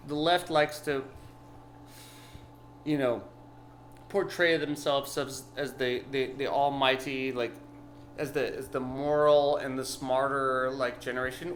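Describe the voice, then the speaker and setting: A tipsy man delivering a rambling, profane vlog rant that bursts into yelling. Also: mid-range voice, flat delivery, a little slow, pauses often, slight background noise. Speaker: vlogger. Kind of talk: ranting vlog monologue.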